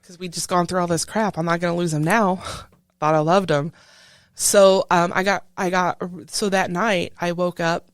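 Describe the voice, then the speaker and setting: A woman who is a military veteran, telling a painful personal story in an interview in halting speech full of restarts. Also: lowish voice, fairly even intonation, dry recording, studio quality. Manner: halting, with many restarts, recounting a painful memory. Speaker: veteran guest.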